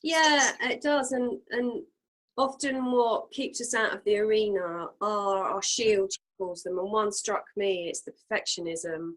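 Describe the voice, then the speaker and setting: A woman co-hosting a casual reflective chat, talking earnestly with many fillers and pauses. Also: mid-range voice, a bit bright, poor audio. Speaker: co-host.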